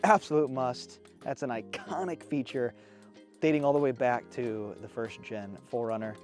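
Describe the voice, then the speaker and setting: Outdoors with faint music behind him, an excitable man in his thirties gives a casual, enthusiastic walkaround review of a new truck, sounding a bit out of breath. His mid-range voice moves at a moderate pace; he reviews off-road vehicles.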